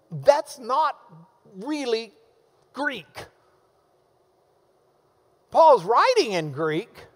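Lively high-voiced pastor preaching. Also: male voice, in a large hall. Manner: enthusiastic, emphatic teaching with playful asides. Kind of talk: sermon.

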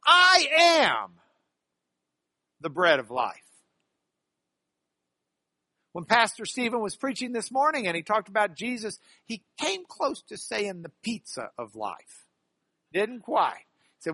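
A man teaching a class on biblical Greek grammar, animated and stressing key words by repeating them. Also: sits high, slightly rough, dry recording. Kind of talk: classroom lecture.

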